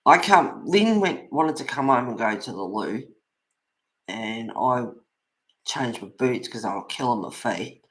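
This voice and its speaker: A man's voice: mid-range voice, lively intonation, unhurried, a bit bright. Brief: easygoing man, casual chat while colouring at home, rambles, laughs a lot. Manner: rambling storyteller, laughs often. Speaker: colouring channel host.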